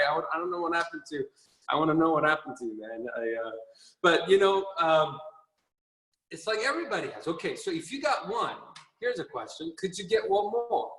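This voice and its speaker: A man gives a motivational talk to his team over a video call, earnest and repetitive and quick to laugh at his own jokes. His voice sits a little high for a man. It sounds roomy, with a long tail of reverb, as if he sits back from the mic. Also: fairly bright tone, distant mic. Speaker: company chairman. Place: training room.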